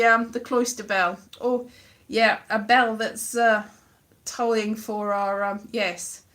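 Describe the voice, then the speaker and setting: A woman's voice: medium pitch, fairly bright tone. Rambling woman on a phone stream. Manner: rambling, wry, self-deprecating. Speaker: vlogger. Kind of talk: casual live-stream chat. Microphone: phone held at arm's length.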